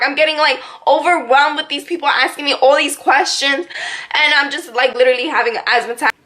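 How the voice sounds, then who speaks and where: Chatty young woman, high voice. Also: a little fast. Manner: animated, filler-heavy retelling with many "like"s. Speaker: vlogger. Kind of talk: casual storytelling to camera.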